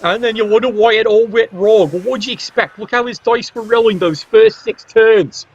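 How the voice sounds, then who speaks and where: A wry, joking man calls the action of a fantasy sports game in a light, high voice. He keeps up a casual play-by-play with teasing asides. The recording sounds dull and lo-fi. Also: normal speed, slightly rough. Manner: wry, joking, playfully biased. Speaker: game commentator.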